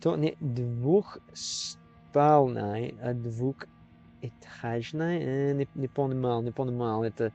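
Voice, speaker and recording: A man, a native English speaker, live-streaming in a casual chat, sounding out Russian words slowly and thinking aloud as he thanks viewers. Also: medium pitch, mellow, highs cut off, faint music behind.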